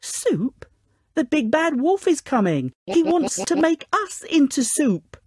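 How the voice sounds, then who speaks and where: A woman's voice: on the low side, very animated, moderate pace, darkish tone, breathy edge, no echo, clean studio sound, heavily acted. A woman voicing little male pigs in a storybook reading, squealing and shrieking. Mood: shrill defiant.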